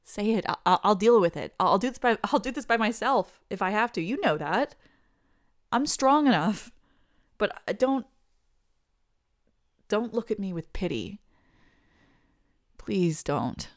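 A woman's voice: mid-range voice, expressive, unhurried, long pauses, dry recording, clean studio sound, close to an everyday voice. A young woman voicing a pregnant best friend who confesses her love in an audio role-play, talking emotionally with stammers and laughing through tears. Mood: hurt, defiant.

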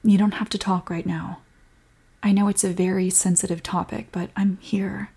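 A young woman in a whispered role-play as a comforting girlfriend, speaking softly and protectively. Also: fairly low pitch, flat delivery, normal speed. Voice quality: breathy.

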